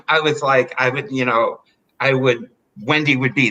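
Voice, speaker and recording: A man telling a personal story in an animated, chatty way, full of fillers. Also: mid-range voice, unhurried, low-quality recording. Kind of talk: live storytelling.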